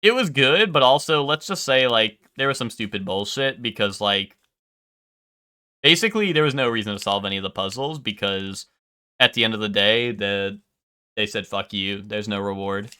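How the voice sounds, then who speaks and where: Young streamer dude, swears a ton, lots of ums, crisp bright voice. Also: male voice, mid-range voice, lively intonation, normal speed, no echo, clean studio sound. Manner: rambling, swears a lot, full of ums. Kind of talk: casual live-stream chat.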